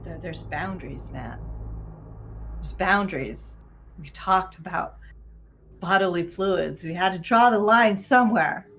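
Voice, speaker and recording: A woman's voice: on the low side, a little slow, pauses often, a bit bright, slight background noise. A woman player in a tabletop game, laid-back and wry, chatting in and out of character. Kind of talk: casual tabletop role-play chat.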